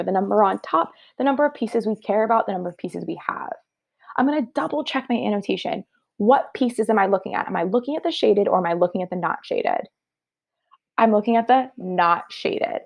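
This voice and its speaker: A woman teacher leads young kids through a math review with an upbeat, encouraging tone, thinking each step out loud. Her voice sits at an ordinary pitch and carries a lot of vocal fry. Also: animated, quick pace. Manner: upbeat, encouraging, talks through steps aloud. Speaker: third-grade teacher. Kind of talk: online math review lesson.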